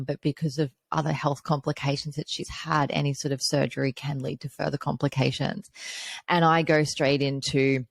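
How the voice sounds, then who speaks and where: A woman's voice: low voice, no echo. A woman hosting a podcast interview, telling personal stories in a chatty way full of "you know" fillers. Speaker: podcast host. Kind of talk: conversational interview.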